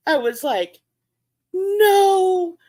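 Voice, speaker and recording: A woman hosts her aquarium channel, chatting casually with livestream viewers. She laughs often and breaks into high-pitched reenactments of her own reactions.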